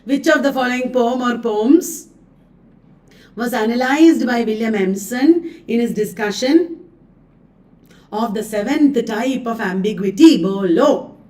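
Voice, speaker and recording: Chatty Indian woman, live literature coaching, high-ish voice, recorded from a bit back. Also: a little slow, darkish tone, recorded from a distance. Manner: chatty, laughs often, mixes Hindi words. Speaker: literature teacher. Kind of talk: live online exam coaching.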